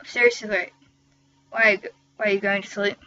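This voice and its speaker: A young woman voicing an excitable, friendly young man who gushes loudly. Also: mid-range voice, moderate pace, lo-fi sound, a little hiss or hum, natural voice. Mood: excited.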